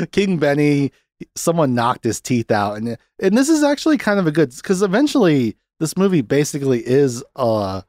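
A man's voice: fairly high pitch, moderate pace, no room sound, studio quality. A man hosting a casual film podcast, laughing often and acting out lines as he goes. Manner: animated, laughs often, acts out quotes. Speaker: podcast host.

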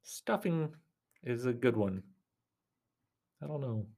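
A man hosting a casual solo podcast, rambling and chatty, talking straight to his listeners in a reassuring way, often dropping to soft near-whispers. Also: mid-range voice, lively intonation, slow pace, creaky. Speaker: podcast host.

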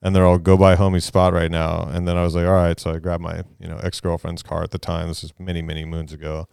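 Laid-back storyteller, deep-toned. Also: male voice, completely flat delivery, quick pace, creaky, a little mellow, clean tone, dry recording, clean studio sound. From Southern California. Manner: laid-back, rambling, laughs through stories. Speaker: podcast guest. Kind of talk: casual storytelling.

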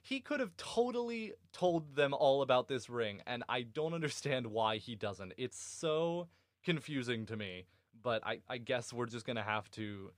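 A man hosting a casual book podcast, animated and swearing freely, often breaking into laughter. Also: mid-range voice, measured pace, dry recording, studio quality. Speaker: podcast host.

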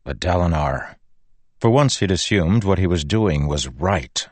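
A man reading a fantasy novel aloud in a measured, steady narration. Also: low voice, no room sound. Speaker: audiobook narrator.

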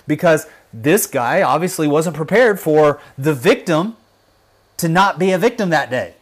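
A man hosts a livestream in a fairly high-pitched voice, speaking with fervent conviction. He presses his points hard and then lowers his voice to a hushed intensity when the subject turns grave. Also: expressive, a little slow. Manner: emphatic, drops to hushed intensity on serious points. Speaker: livestream host. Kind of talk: impassioned livestream commentary.

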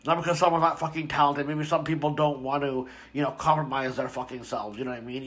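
Male host, casual profane rant, rambling delivery, average pitch. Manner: rambling, profane, many fillers and restarts. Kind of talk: casual ranting commentary.

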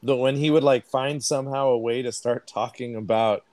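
A man co-hosting a casual movie review podcast, talking in an animated way, stretching words for emphasis and asking the listeners questions. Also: medium pitch, normal speed, dry recording. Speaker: podcast co-host.

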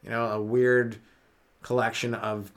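A man's voice: medium pitch, level tone, measured pace. A Canadian man hosting a solo comedy podcast, rambling loosely and swearing a lot while short on sleep. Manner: loose, rambling, swears often, laughs at own jokes. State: sleep-deprived.

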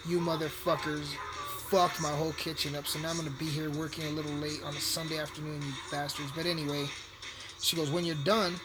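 A man with a slightly high voice tells a long, rambling story, swearing constantly and circling back on himself. He chats casually while playing a video game. Clear background music runs underneath. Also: little pitch movement, fast. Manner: profane, rambling, repetitive. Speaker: hotel worker telling a story.

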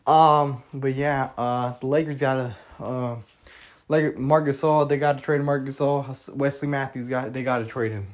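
A man's voice: mid-range voice, steady tone, moderate pace, a little mellow. A young man hosting a casual solo podcast, rambling and opinionated, with many fillers, restarts and some cursing. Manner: opinionated, with frequent mild cursing. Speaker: podcast host.

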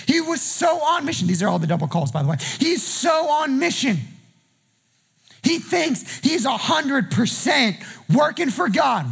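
A man preaching a sermon as pastor, impassioned, often shouting in a sing-song way. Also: extremely high pitch, very animated, unhurried, vocal fry.

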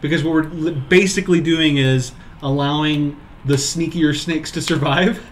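A man chatting casually with friends, tossing in jokes and quick quips. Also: on the high side, steady tone, slight background noise. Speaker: friend in group chat. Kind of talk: casual chat.

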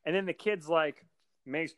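A man's voice: mid-range voice, animated, moderate pace, fairly bright tone, clean tone, no room sound. A man co-hosting a podcast, chatting casually and acting out scenes in mock voices. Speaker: podcast co-host. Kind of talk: casual chat.

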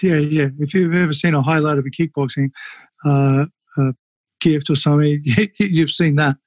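Animated man telling fight stories. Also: a little high, normal speed, no room sound. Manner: animated, swears freely, many fillers. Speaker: podcast guest, former kickboxer. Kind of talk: casual storytelling.

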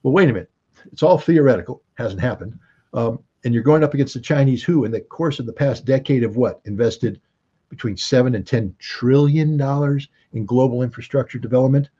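A man's voice: mid-range voice, brisk, dark tone, slightly rough, muffled recording. A man giving casual political commentary, emphatic and full of rhetorical questions, often restarting his sentences. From United States.

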